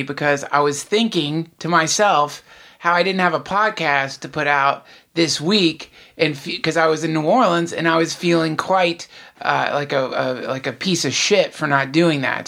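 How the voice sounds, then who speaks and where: Man, podcast host, bright forceful tone, slightly high voice, playful and rambling. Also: moderate pace, gravelly. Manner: playful, rambling comic monologue. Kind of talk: casual chat.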